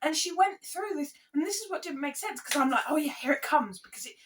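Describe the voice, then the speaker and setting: High-voiced woman ranting. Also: fast, a little hiss or hum. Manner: animated, ranting, exasperated. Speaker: podcast co-host. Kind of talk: casual chat.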